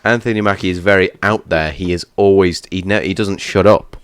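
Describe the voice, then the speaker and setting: Deep-voiced young man joking around. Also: steady tone, a little fast, clean tone, dry recording. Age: young adult. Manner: joking, rambling, teasing. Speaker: co-host reviewing a TV series. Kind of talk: casual chat.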